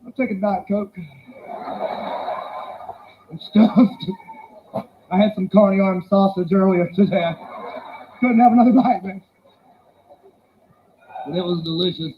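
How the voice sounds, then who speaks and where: A male stand-up comedian telling animated stories and slipping into put-on voices. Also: high voice, a little slow, pauses often, dull audio, slight background noise.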